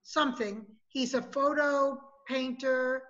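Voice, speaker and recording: A woman's voice: high-pitched, fairly even intonation, slow pace, fairly bright tone, highs cut off. A woman co-hosting a podcast in casual chat, talking in a scattered, forgetful way. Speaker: podcast co-host.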